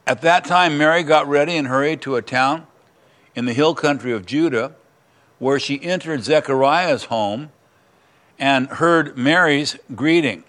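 A man's voice: on the high side, unhurried, a bit bright. A man preaching a sermon, reading scripture aloud and adding earnest, emphatic comments in a conversational way. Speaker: pastor.

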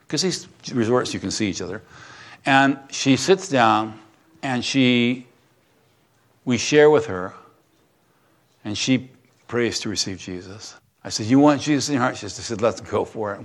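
A middle-aged man, a pastor, preaching a sermon in a conversational, storytelling way, dropping to soft, hushed tones at tender moments. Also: mid-range voice.

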